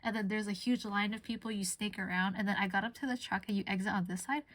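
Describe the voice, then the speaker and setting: A woman's voice: medium pitch, fairly even intonation, quick pace, a bit bright, no echo. Giggly, chatty woman streamer, dry sound. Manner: chatty and giggly, laughing often mid-story. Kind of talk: casual chat while crafting on stream.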